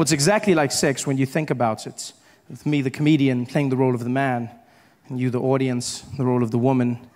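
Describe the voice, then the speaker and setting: A man with a South African accent performing stand-up comedy, telling family stories in an animated way and acting out the people in them. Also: mid-range voice. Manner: animated storytelling, acts out his family members.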